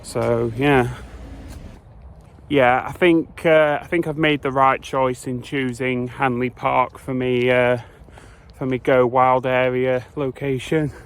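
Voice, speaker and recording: A man's voice: medium pitch, level tone, slow, clear, resonant tone. A man, chatting casually and hesitantly as a travel vlogger while walking through city streets. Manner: hesitant, rambling with many fillers. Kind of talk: casual vlog chat. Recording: faint street noise outdoors. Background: faint traffic and street ambience.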